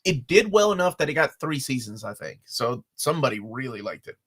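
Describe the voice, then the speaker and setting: A man from Peru co-hosting a casual live stream, animated and quick to laugh as he answers chat comments. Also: medium pitch. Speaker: co-host.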